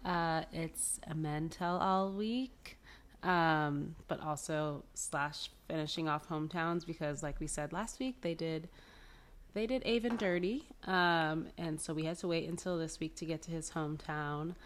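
A woman co-hosting a casual podcast chat, her voice going hoarse. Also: low-pitched, fairly even intonation, unhurried. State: losing her voice. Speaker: podcast co-host.

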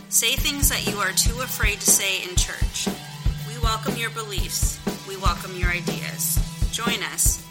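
A woman's voice: mid-range voice, measured pace, poor audio. A woman reading a scripted, inviting podcast introduction. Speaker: show announcer. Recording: voice over loud music bed. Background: loud music.

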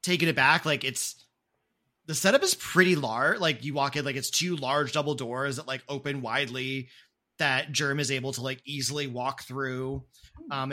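A man's voice: medium pitch, sharp tone. A man running a tabletop role-playing game as game master, narrating casually with many fillers.

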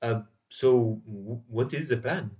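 A man's voice: medium pitch, measured pace, voice pushed down, close to an everyday voice. A man voicing a nervous male expedition hand in a tabletop game, anxious and hesitant. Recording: roomy, distant mic.

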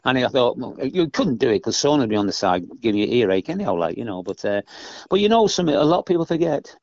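A man's voice: medium pitch, very animated, fast, gravelly, darkish tone, no room sound. An older man, a former footballer, chatting casually as a podcast guest, rambling and often adding "you know what I mean". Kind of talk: casual interview chat. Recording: dull lo-fi dry podcast audio.

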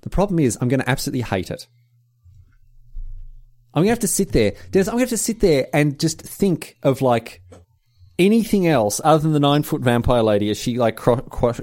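A man co-hosting a casual podcast, his pitch swinging up and down as he rants. He sounds exasperated and keeps breaking off to restart his sentences. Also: very animated, fairly quick, warm tone. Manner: exasperated ranting with many restarts. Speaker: podcast co-host. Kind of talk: casual chat.

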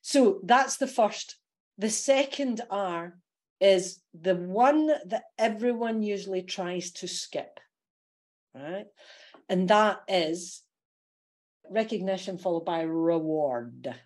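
Lively Scottish woman, laughing coach. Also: medium pitch, takes it slowly. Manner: lively, laughs often while explaining. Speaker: coach and podcast guest. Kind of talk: casual podcast interview.

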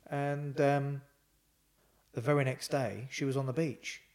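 A man's voice: mid-range voice, steady tone, a little slow, a little mellow. Man telling rambling stories. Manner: rambling with frequent fillers and quoted dialogue. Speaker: podcast guest. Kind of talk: casual storytelling.

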